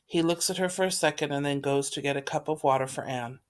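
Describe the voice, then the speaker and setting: A woman reading the stage directions of a play in an even, measured way. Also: deep voice. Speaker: reader.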